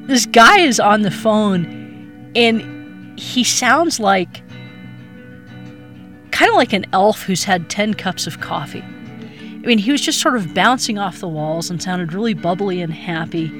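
A middle-aged woman from Colorado recounting her past as an interviewee, a lively storyteller who acts out the voices she quotes. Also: on the low side.

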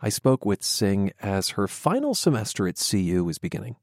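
A man hosting a radio interview in a friendly, measured way. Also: fairly low pitch, sing-song, no echo, studio quality. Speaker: radio host. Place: radio studio.

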